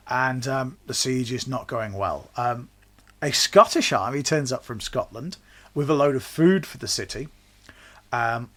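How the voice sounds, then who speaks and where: A man hosting a casual history podcast, chatty and slangy, slipping into quick voices for the people in his story. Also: medium pitch, a bit bright. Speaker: podcast host.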